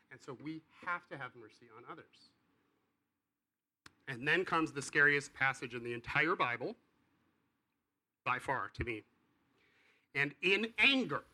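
A pastor preaches a sermon casually and conversationally, acting out the dialogue of the people in his story and swinging between quiet and loud. His voice is medium-pitched, and the recording is rough.

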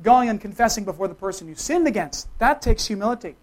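A preacher giving a sermon, talking straight to the congregation with quick questions, swinging between loud emphatic calls and soft, hushed asides. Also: mid-range voice, animated.

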